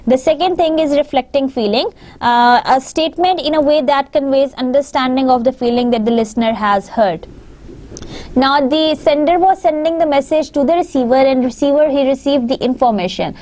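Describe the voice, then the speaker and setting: A woman's voice: high voice, moderate pace, a little mellow. A woman with a Pakistani English accent giving a recorded university lecture, explaining patiently and often recapping her points.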